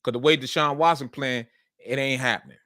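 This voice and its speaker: A man's voice: medium pitch, fairly even intonation, fairly quick, sharp tone, no room sound, clean studio sound. A man hosting a sports show, talking casually and emphatically about football and repeating his points. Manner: repetitive, emphatic, colloquial.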